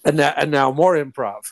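A man's voice: a little high, lively intonation, unhurried, no echo. A man hosting a casual podcast interview, asking questions and dropping jokey asides. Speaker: podcast host.

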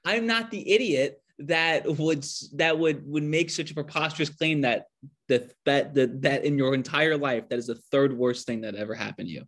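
A man's voice: on the high side, normal speed, a bit bright. A young man co-hosting a casual podcast, rambling and repeating words as he argues his point. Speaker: podcast co-host. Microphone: remote call mic.

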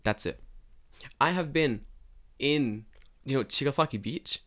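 A man living in Japan chats casually on a podcast, telling stories with lots of swearing and acting out quoted voices. His voice is medium-pitched, a bit bright, and a little slow.

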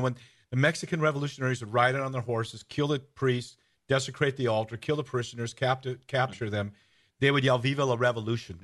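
A man hosting a radio-style podcast, telling stories in a casual, animated way. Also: mid-range voice. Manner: storytelling, animated, shouts out rallying cries. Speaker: podcast host. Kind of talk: casual radio-show chat.

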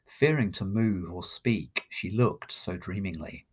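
Slow, low-voiced male poetry reader. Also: husky. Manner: slow, measured, expressive recitation. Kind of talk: dramatic poetry reading.

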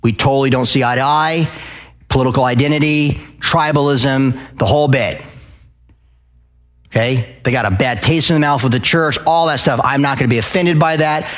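Man, from Arizona, loud, passionate, mid-pitched voice, live lecture, keeps asking the audience questions. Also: normal speed. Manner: addresses the crowd with frequent "okay?" and questions. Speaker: speaker at a live event.

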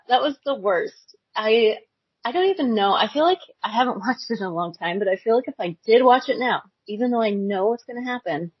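A woman co-hosting a podcast, recapping a cartoon in casual chat, animated, laughing often and saying like a lot. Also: a little high, breathy edge, dry recording, muffled recording. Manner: animated, laughing, many likes and ums. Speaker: podcast co-host.

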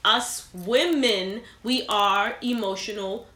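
A woman's voice: medium pitch, takes it slowly, a bit bright, reverberant. A woman co-hosting a casual podcast chat, talking boldly, steering the topic and often checking in with "okay?". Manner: bold, leads the topic, repeats "okay?". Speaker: podcast co-host.

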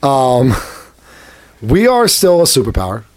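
A man co-hosting a podcast in casual chat, self-deprecating and quick to laugh. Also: mid-range voice, huge pitch swings, darkish tone. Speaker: podcast co-host.

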